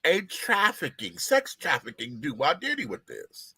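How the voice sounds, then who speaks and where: A man's voice: fairly high pitch, huge pitch swings, unhurried, bright, forceful tone, husky, no echo. A man hosting a live-stream gossip show, sassy, theatrical and profane, chatting to viewers while he fixes his setup. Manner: talks to the audience while fixing tech. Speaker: show host.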